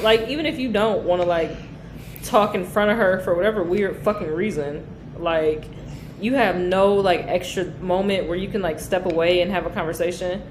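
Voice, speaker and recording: A woman's voice: medium pitch, moderate pace, roomy sound, slight background noise, rough recording. A young woman co-hosting a podcast, talking bluntly and animatedly and swearing freely. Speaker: podcast co-host. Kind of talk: casual chat.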